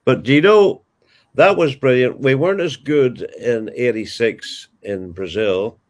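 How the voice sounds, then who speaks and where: An older man with a Northern Irish accent, telling lively anecdotes as an interview guest. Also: medium pitch, unhurried. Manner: animated, vivid storyteller. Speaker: interviewee, veteran sports commentator. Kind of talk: anecdotal storytelling.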